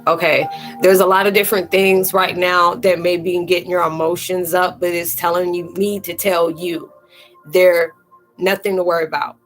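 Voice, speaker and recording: Close to tears, a woman who does spiritual readings hosts a live chat, earnestly and emotionally addressing viewers by name and calling them "sweetie." She speaks colloquially with fillers and restarts, in a fairly low, level voice at normal speed, over faint music and poor audio.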